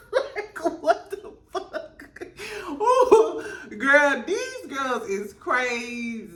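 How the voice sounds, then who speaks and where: Animated woman gossiping, roomy echo. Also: high voice, very slow, pauses often, far from the mic. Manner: animated, laughing, acting out quotes in voices. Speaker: reality TV recap host. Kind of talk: casual gossip recap.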